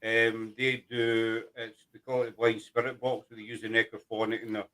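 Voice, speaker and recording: A man hosting a chat show, explaining things in a rambling, halting way. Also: lowish voice, level tone, a bit bright. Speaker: host. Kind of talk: casual chat.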